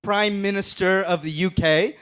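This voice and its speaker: A man's voice: high-pitched, steady tone, measured pace, fairly bright tone, clear, resonant tone. A man doing a crude, brash roast-battle stand-up set on stage. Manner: brash, crude punchlines with laughs. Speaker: stand-up comedian. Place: comedy stage before a live audience.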